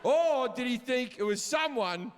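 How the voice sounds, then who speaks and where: A man doing stand-up storytelling, swearing freely and shouting his punchlines, recorded live on a theater stage. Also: very high voice, unhurried, background noise. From Australia. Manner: profane, animated, shouts punchlines. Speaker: stand-up comedian. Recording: live hall reverb, audience ambience.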